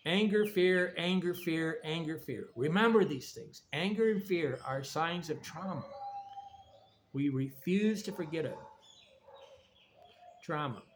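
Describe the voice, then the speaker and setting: A man giving a blunt, rambling, preachy monologue about recovery and trauma. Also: a little high. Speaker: vlogger. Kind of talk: casual monologue. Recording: faint background noise.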